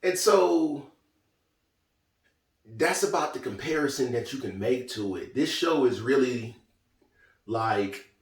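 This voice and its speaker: A man giving a casual, chatty spoken review of a TV show, talking in a lively, conversational way. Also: mid-range voice, slow pace, pauses often, distant mic. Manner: chatty, lively, quotes characters in small voices. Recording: roomy echo, from off mic.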